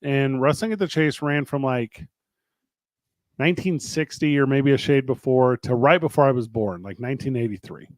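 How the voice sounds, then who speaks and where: A man in his thirties from the St. Louis area of Missouri, who co-hosts a podcast and co-owns a wrestling promotion, chats casually. His medium-pitched voice moves at a moderate pace on a dry recording. He tells stories like a chatty raconteur, acting out both sides of conversations and laughing often.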